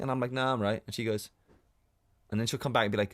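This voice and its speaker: A man's voice: mid-range voice, fairly even intonation, quick pace. A young man co-hosting a casual podcast chat, joking and teasing, often acting out other people's voices. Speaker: podcast co-host. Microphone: studio condenser mic.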